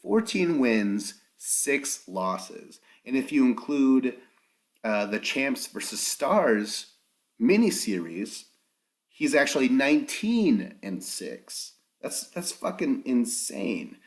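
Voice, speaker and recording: A man's voice: mid-range voice, very animated, slow pace. A man hosting a podcast, giving a casual recap of a reality show, ranting with lots of swearing and acting out quotes in mocking voices. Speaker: podcast host.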